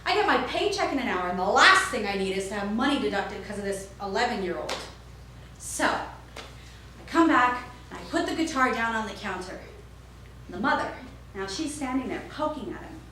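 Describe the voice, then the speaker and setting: A woman's voice: on the high side, moderate pace. A woman performing a staged storytelling monologue, playing a store clerk and acting out every character. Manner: animated, acts out every character. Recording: echoey, distant, faint noise.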